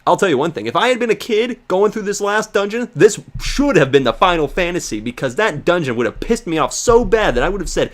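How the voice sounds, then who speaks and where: A man casually recapping a video game in a rambling, profane, excitable rant. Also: sits high, a little fast, hardly any pauses. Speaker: let's play host.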